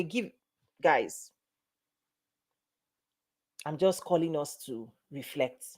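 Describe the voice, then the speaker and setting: A woman's voice: lowish voice, a little mellow. Emphatic woman coach, repeats for emphasis. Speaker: business and mindset coach. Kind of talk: motivational talk to camera.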